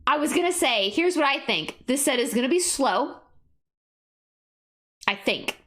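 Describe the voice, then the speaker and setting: A young woman streaming and chatting casually, bursting into excited exclamations and casual swearing. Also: high voice, unhurried. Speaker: streamer reviewing card sets. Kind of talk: casual livestream chat.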